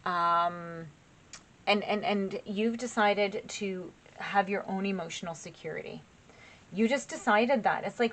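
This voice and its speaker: A woman's voice: mid-range voice, measured pace, fairly bright tone, slight background noise. A woman giving a casual spoken tarot reading, chatty and encouraging, talking straight to her viewers with loose phrasing. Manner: chatty and encouraging, addresses viewers as "you guys"; loose, with frequent fillers and restarts. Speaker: tarot reader.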